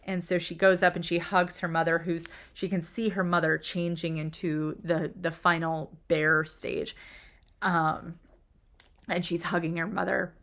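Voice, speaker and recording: A woman with a somewhat low voice walks through a story in a loose, chatty way. She gets emotional, and her pitch leaps up when excitement takes over. Now and then she drops into a near-whisper for an aside. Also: creaky. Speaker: video host analyzing film characters. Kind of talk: casual analytical monologue.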